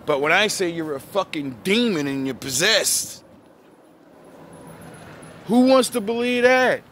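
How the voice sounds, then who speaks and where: A man delivering a profane, preachy ranting monologue that lectures the listener, repeats catchphrases and bursts into shouting. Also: sits high, lively intonation, unhurried, slight background noise. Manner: repeats catchphrases and "yous" address. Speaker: online preacher-style commentator.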